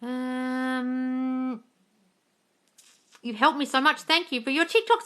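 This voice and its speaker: A woman runs a casual live Q&A as a coach, her voice bright and forward. She answers bluntly, swears freely and calls her viewers darling. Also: high voice, slow, clean tone.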